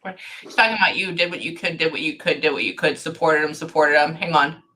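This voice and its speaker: A woman's voice: low voice, fairly even intonation, fast, sharp tone, slight background noise. A woman giving a psychic reading to a client, thinking aloud and stopping herself with "hang on" over and over. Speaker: psychic medium.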